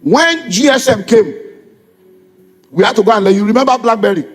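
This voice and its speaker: A man's voice: sits high, expressive, normal speed. A middle-aged man with a Nigerian accent, preaching a sermon as a pastor, firing repeated rhetorical questions at his congregation. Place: church. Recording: long reverb of a church hall.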